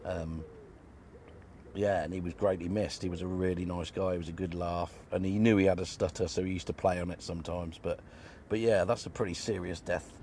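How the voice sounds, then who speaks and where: A man phoning in to a podcast, telling a story in a matter-of-fact, measured way over a faint background hiss. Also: deep voice, fairly even intonation, darkish tone. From England. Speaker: caller. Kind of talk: phoned-in story.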